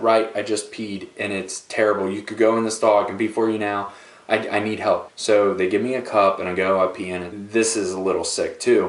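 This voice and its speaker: A young man casually telling a personal story to his viewers, animated and playful with dramatic asides. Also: on the low side, recorded from a distance. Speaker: vlogger. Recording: echoey room, voice a bit off-mic.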